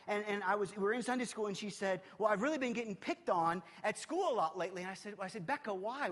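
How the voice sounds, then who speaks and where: A man preaching a sermon as a youth pastor, animated and urgent, often dropping to a hushed, intimate tone. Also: sits high, in a large hall.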